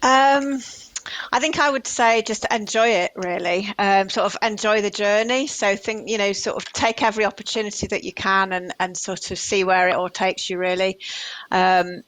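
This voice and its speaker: A woman's voice: medium pitch, steady tone, moderate pace, fairly bright tone, no room sound, poor audio. A woman guest giving casual advice on an online panel, hedging with fillers like "sort of" and "you know". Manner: hesitant, many fillers like "sort of".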